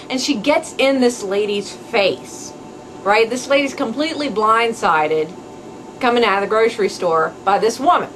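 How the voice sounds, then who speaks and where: Chatty higher-voiced woman telling a story. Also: normal speed, a little hiss or hum, low-quality recording. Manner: chatty, animated, with asides. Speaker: podcast host. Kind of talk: casual storytelling monologue.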